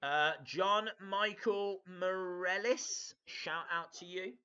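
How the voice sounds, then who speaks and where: A man hosting a casual live reaction stream, his voice bright and forward but captured with a dull, lo-fi sound. He rambles along with plenty of ums and uhs, greeting viewers and answering their comments as he goes. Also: sits high, slow, clear, resonant tone. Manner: rambling, hesitant, many fillers, reads out viewer comments.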